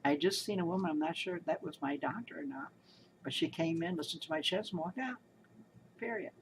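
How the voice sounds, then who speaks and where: A woman's voice: low-pitched, fairly quick, a little hiss or hum, low-quality recording. A woman giving casual spoken commentary, telling her story in an indignant, emphatic and rambling way. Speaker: commentator recounting a hospital experience.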